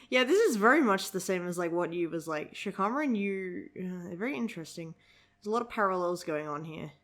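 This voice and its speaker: A woman's voice: fairly low pitch, a little fast. A young woman chatting casually and giggling as she reads through a manga chapter and comments on it. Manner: chatty, giggly, easily amused. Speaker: manga reviewer. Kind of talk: casual chat reading manga aloud.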